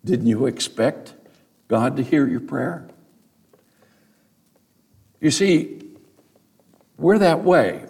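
A pastor addresses his congregation head-on in an earnest sermon, telling stories and rising to emphatic climaxes. His mid-range voice is creaky and a little mellow.

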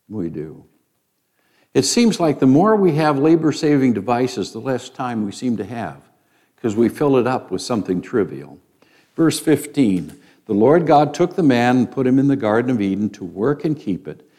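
A man's voice: mid-range voice, warm tone. An older man teaching an informal Bible class in a conversational way, with frequent ums and restarts.

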